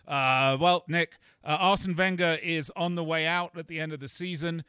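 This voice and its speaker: A man hosting a sports betting radio show, upbeat and boastful, with a salesy pitch. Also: steady tone, normal speed, pushed and bright, clean tone, no room sound, studio quality.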